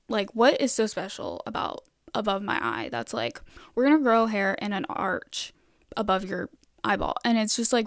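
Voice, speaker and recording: A woman's voice: mid-range voice, no room sound, studio quality. A young woman hosting a solo podcast, rambling casually with lots of "like" and heavy swearing. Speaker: podcast host.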